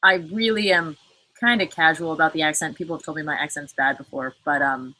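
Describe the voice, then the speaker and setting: A woman chats on a livestream with a bright, sharp edge to a lowish voice. She rambles through viewer questions with lots of fillers and casual cursing, reacting as she goes. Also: steady tone, fairly quick, low-quality recording. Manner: chatty, fillers, frequent cursing; reads and answers viewer comments. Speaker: livestream host. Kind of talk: casual live chat.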